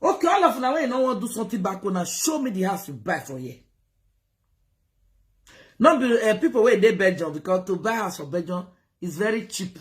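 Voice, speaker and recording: A woman with a Nigerian Pidgin accent lectures her viewers in a casual vlog, urging and scolding by turns. Her voice swings widely up and down at a middle pitch, and she moves freely between Pidgin and English. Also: sing-song, brisk. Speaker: vlogger giving advice. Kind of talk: casual live-stream talk. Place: United Kingdom.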